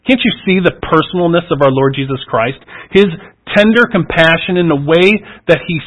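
A man reading scripture aloud and then preaching on it, earnest and reflective, leaning into key words and then letting his voice fall soft. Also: a little high, moderate pace, dull audio.

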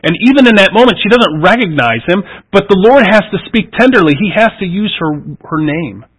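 A man reading scripture aloud and then preaching on it, earnest and reflective, leaning into key words and then letting his voice fall soft. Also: sits high, animated, brisk, slightly rough, rough recording.

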